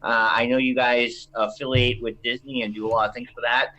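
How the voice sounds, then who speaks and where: A man's voice: mid-range voice, level tone, a little fast, sharp tone, dull audio. A man around forty from Massachusetts with a Boston accent, talking politely and a bit hesitantly in a casual chat. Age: 40s. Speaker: viewer calling in.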